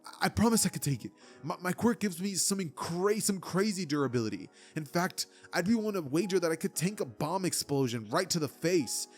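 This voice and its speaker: A man's voice: sits high, animated, fairly quick, soft background music, pitched above the performer's own voice. A man voicing a shy, humble teenage boy who stammers nervously. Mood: timid. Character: timid, humble, overpowered teenage boy hero.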